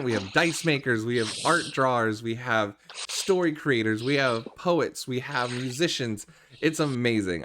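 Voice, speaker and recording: A man's voice: medium pitch, fairly bright tone, slight background noise. A man hosting a tabletop game stream, chatting casually with many fillers before narrating the scene as game master.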